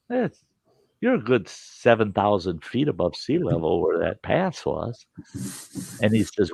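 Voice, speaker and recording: A man hosting a storytelling show, telling a rambling, folksy, animated tale and swearing casually as he goes. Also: lowish voice, gravelly, no echo. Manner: animated, folksy, swears casually, chuckles through his tales. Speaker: podcast host.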